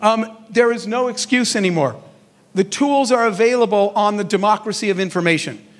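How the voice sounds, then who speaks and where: A middle-aged man giving a motivational keynote talk, an animated storyteller who acts out the dialogue in his anecdotes. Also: sits high, fairly quick. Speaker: keynote speaker on entrepreneurship.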